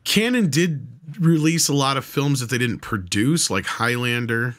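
A man on a podcast chat with a bright, forceful voice, recorded close and dry. He makes his points emphatically, dropping swear words for weight. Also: medium pitch, a little slow, no echo.

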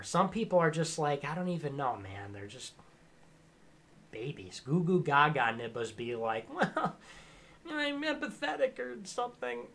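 A man in his twenties giving a sarcastic, lecturing rant on a livestream, sometimes bursting into shouts. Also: fairly high pitch. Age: 20s. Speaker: streamer. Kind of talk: ranting livestream commentary.

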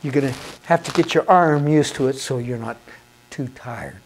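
In an instructional video, a man with a mid-range voice teaches hymn conducting at normal speed, with a slight hiss or hum on the recording. Patient and encouraging, he counts beats aloud and answers his own questions.

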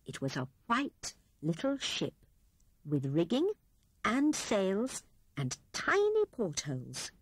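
A woman narrating a children's storybook with expressive, animated storytelling. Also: mid-range voice, slow, slightly rough, dry recording. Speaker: audiobook narrator.

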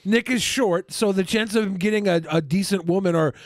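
A man with a notably high voice trades crude, mocking jokes as a podcast co-host. The sound is dry and close-miked, with no room around it. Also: fairly quick, no room sound. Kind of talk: casual comedic commentary.

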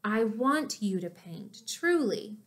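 A gentle, kindly older woman, as a woman reader plays her. She speaks softly and slowly, with a voice that lifts and dips. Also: high-pitched, expressive. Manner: soft, kindly. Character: June, kind older woman, gentle and warm.

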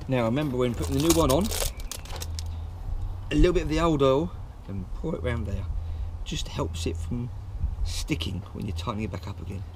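A man's voice: mid-range voice, animated, normal speed, pauses often, background noise. A man casually talking through a motorbike service step by step, chatty and jokey. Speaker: home mechanic.

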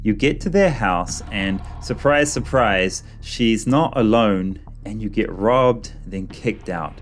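A man's voice: lowish voice, expressive, slow pace, faint music behind. A man telling a travel story in a casual, chatty way, full of filler words. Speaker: travel vlogger.

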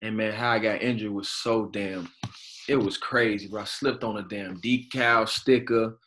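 A man's voice: on the low side, normal speed, slight background noise. A man in his thirties from Chicago, a guest telling stories in a casual, slangy, profane way over a video call. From Chicago, United States. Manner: animated storyteller, slangy and profane. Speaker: guest, professional basketball player.

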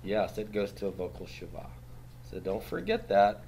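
Lower-voiced man teaching a class. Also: sing-song, moderate pace, warm tone, slight background noise. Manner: quizzes students, tags statements with "right?"; patient, steps through rules on a board. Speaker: Hebrew grammar teacher. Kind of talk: classroom lecture.

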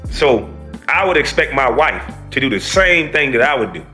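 A bright, animated man ranting. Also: medium pitch, moderate pace, faint music behind. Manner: profane, heated, preachy rant. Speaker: reaction commentator. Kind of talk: ranting reaction commentary.

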